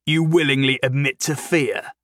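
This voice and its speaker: A hot-tempered young crime lord, as a male narrator plays him, blustering and gloating. The voice sits at a middle pitch and sounds dry and close. It is a storybook reading. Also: steady tone, moderate pace, a bit bright, no echo, close to an everyday voice. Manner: blustering, angry.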